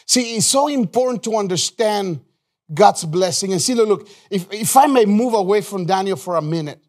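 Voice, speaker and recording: Preaching live in a church, this male pastor speaks with a voice that sits high and sounds expressive. He hammers home repeated phrases, appeals to the congregation, and restarts sentences in rapid bursts, all with great emphasis.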